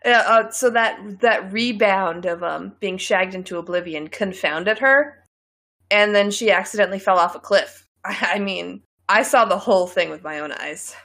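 A woman's voice: mid-range voice, moderate pace, a bit bright. A young woman co-hosting a casual podcast chat, giggly and playful, telling stories with dramatic flair. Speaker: podcast co-host.

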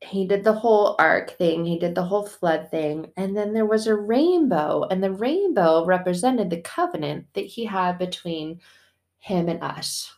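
A woman's voice: lowish voice, unhurried. Chatty woman talking faith casually. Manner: chatty, slangy, swears, animated storytelling. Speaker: mother; faith podcast host.

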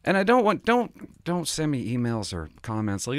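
A man's voice: a little high, very animated, normal speed, few pauses, fairly bright tone, no room sound, studio quality. A middle-aged man from Canada, a former police officer, talking casually and confidingly on his podcast, rambling and laughing as he tells stories.

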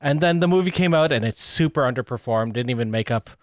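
A man hosting a casual podcast chat, relaxed, steering the talk with questions. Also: medium pitch, fast, no echo, studio quality. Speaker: podcast host.

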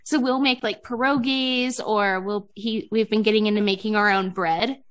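This podcast host, a woman in her thirties, keeps a medium pitch, a fairly even intonation and a moderate pace. The chat is casual, with frequent laughter and plenty of "like".

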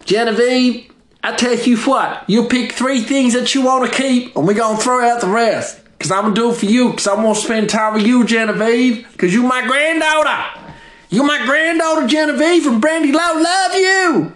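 A man doing a high drawling old grandma. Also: normal speed, fairly bright tone. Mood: doting. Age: older. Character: older hoarder grandmother, stubborn but doting. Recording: echoey room.

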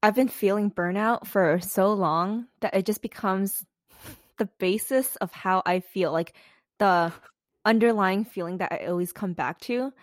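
A young woman co-hosting a podcast in casual chat, swearing freely and acting out quotes with big pitch jumps. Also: measured pace, dry recording, studio quality. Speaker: podcast co-host.

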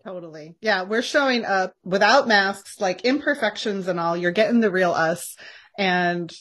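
A woman co-hosting a faith-based podcast in casual chat, animated and quick to laugh. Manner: animated, laughs often, lively pitch jumps. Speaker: podcast co-host.

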